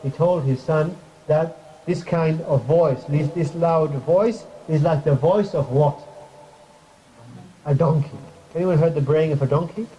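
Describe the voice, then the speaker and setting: A man giving an informal sermon in a mosque, speaking conversationally with the audience, putting questions to them and making light jokes, and quickly reciting Arabic verses. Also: a little high, warm tone. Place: mosque hall. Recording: crackly muffled recording.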